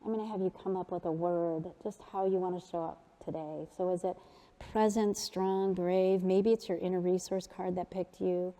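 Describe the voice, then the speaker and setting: Woman, keynote speaker, guided breathing talk, playful and upbeat, soft slow cues, long hall reverb. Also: on the low side, fairly even intonation. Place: large conference hall.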